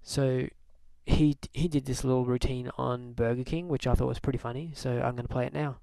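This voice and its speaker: Casual male vlogger, mid pitch, relaxed chat, dry close sound. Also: a little fast, vocal fry, no room sound. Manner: relaxed, chatty, lots of fillers.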